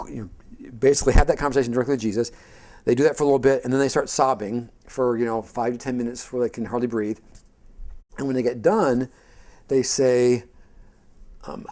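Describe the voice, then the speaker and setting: A middle-aged man teaching a Christian seminar in an informal, rambling way, telling stories and acting out the quotes in a raised voice. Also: mid-range voice. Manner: animated storyteller who acts out quotes in a raised voice; rambling and conversational, with frequent restarts.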